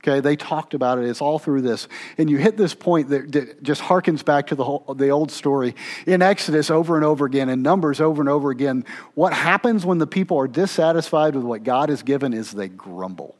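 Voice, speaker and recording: A male pastor preaching in a conversational, animated way. He pushes his voice up for emphatic lines, then drops low and soft for asides. He keeps checking in with his listeners and restarting phrases as he thinks aloud. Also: a little fast. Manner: conversational, with frequent "okay?" check-ins and restarts. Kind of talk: sermon.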